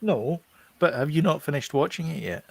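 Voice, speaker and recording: Chatty podcast host. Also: male voice, on the high side, normal speed, vocal fry. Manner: chatty, animated retelling with quoted voices. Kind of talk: casual chat.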